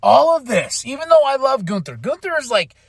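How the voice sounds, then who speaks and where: Animated, high-voiced man ranting casually. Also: brisk, creaky, no room sound, studio quality. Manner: animated, profane, mimics wrestlers. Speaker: podcast host. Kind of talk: casual wrestling recap chat.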